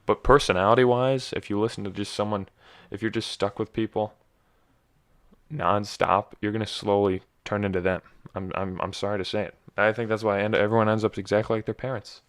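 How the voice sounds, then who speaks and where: A man's voice: lowish voice, flat delivery, fairly quick. A young man hosting a casual solo podcast, rambling and self-deprecating, his voice slightly scratchy. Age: young adult. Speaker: podcast host.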